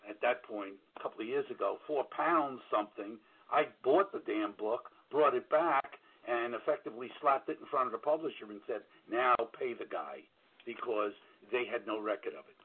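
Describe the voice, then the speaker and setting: A man's voice: medium pitch, breathy edge. A blunt man with a New York accent gives straight-talking advice as an auditor on a call-in broadcast. He talks plainly, trips over fillers and restarts, and doesn't sugarcoat anything. His voice comes through thin and tinny, like radio over a phone line. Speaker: book royalty auditor.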